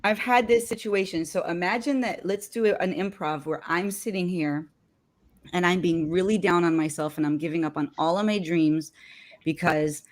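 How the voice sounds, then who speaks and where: A woman with a voice a little lower than most talks through a casual live discussion as co-host. She is animated and peppers her sentences with "like". Her delivery is loose and conversational. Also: moderate pace. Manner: animated, frequent "like" fillers.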